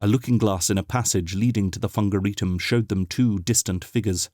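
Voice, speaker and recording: A man narrating an audiobook in a measured, dramatic storytelling manner. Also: on the low side, darkish tone, no room sound, clean studio sound.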